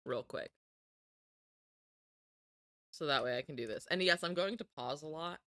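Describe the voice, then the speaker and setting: A woman's voice: deep voice, normal speed, a bit bright, dry recording, studio quality. A woman streamer chatting casually while reacting to a film. She is self-deprecating and often trails off and restarts. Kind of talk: casual live-stream commentary. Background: film music.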